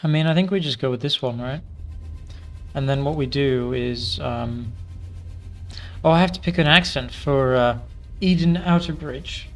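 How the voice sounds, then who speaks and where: A man's voice: mid-range voice, moderate pace, gravelly, pauses often, faint music behind. A man giving casual gameplay commentary, self-mocking and rambling, his voice tired. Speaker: gaming video creator.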